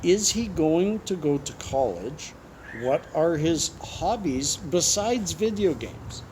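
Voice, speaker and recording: A man's voice: on the high side, lively intonation, takes it slowly, darkish tone, slight background noise. Chatty man hosting casually. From Canada. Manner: chatty and joking, with frequent asides. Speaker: YouTube host. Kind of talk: casual interview, reading out viewer questions.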